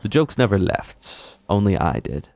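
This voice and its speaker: Playful low-voiced male game streamer. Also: measured pace, creaky, dry recording, soft background music. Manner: joking, rambling setups for pun jokes to chat; animated, jumps into high excited outbursts. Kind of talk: live gameplay commentary.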